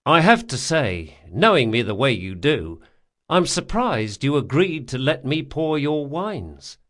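A man voicing a wily, stubborn young male thief with quick, wry retorts in an audiobook. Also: medium pitch, very animated, fairly bright tone, voice pushed up. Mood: defiant wry. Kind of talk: audiobook character voice.

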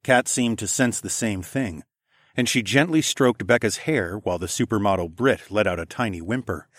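A man reading a first-person audiobook in a steady, even storytelling voice. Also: lowish voice, normal speed, dry recording, studio quality. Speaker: audiobook narrator.

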